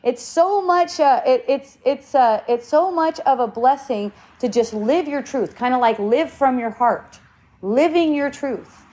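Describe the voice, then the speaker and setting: A woman's voice: high-pitched, animated, unhurried, darkish tone. A woman giving earnest spiritual advice in casual talk, swearing now and then.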